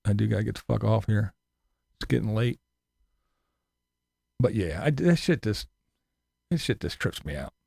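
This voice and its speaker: A man's voice: lowish voice, sing-song, normal speed, creaky, long pauses, a little mellow, slightly rough, no room sound, studio quality. A man ranting profanely on a casual live stream, sarcastic and mocking. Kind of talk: casual livestream rant.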